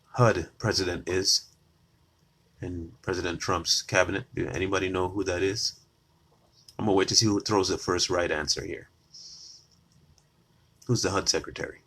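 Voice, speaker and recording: Speaking straight to his audience, this male political commentator argues combatively and hammers home points by repeating them. He sits low in pitch, unhurried, pausing often, with breath audible in his tone.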